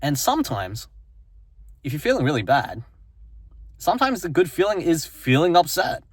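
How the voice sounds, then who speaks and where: A man with a slightly husky voice speaks earnestly in a motivational self-help talk. His pitch swings widely as he presses a point. He keeps repeating phrases and checking in with "right?". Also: wildly swooping pitch, normal speed, dry recording.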